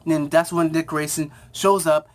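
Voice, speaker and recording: A TV show reviewer giving a casual episode recap, rambling with many fillers and restarts, and acting out characters' lines in quick asides. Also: medium pitch, fairly even intonation.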